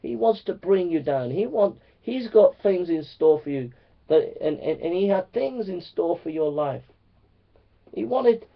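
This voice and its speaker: Man, sermon, earnest, repetitive, loud to hushed, slightly high voice, muffled recording. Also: creaky. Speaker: preacher. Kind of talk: sermon to preachers. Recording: dull lo-fi recording.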